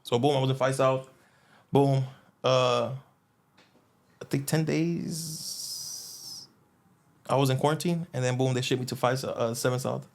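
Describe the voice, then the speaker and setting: A young man telling a long story in casual chat, rambling and filling gaps with "boom" and "you know what I'm saying". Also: steady tone, brisk. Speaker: guest.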